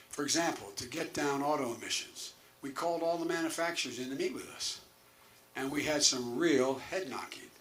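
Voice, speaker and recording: Older man, political candidate, earnest, restarts often, trailing asides, mid-pitched voice. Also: a bit bright, a little hiss or hum. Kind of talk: debate answer.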